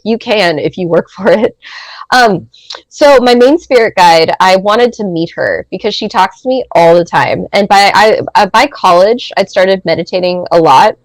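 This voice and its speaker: A woman's voice: lowish voice, normal speed, dry recording, low-quality recording. Chatty woman in her thirties telling a story. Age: 30s. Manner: animated, rambling, heavy use of filler words. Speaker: podcast guest. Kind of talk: casual storytelling.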